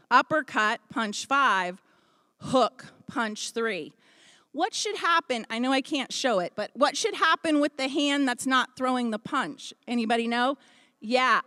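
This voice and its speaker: A woman's voice: a little high, pushed and bright, no room sound, studio quality. A woman leading a group exercise class from a stage, upbeat and coaching as she counts out the moves into a handheld mic. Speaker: boxing fitness instructor. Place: expo hall stage, behind a podium. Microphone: handheld microphone.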